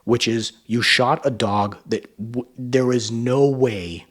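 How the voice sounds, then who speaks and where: A man's voice: mid-range voice, steady tone, slow pace, fairly bright tone. A man giving emphatic reaction commentary on a video, now and then mocking others in a sneering voice.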